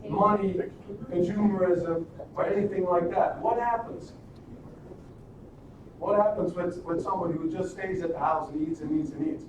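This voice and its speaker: A man with a fairly high voice tells a story in a loose, rambling way, tossing out rhetorical questions as he goes. He sounds far from the mic in a very echoey room. A steady noise sits behind him. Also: moderate pace. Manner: animated, rambling, with frequent restarts and rhetorical questions. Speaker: live stream host. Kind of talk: casual storytelling and motivational talk.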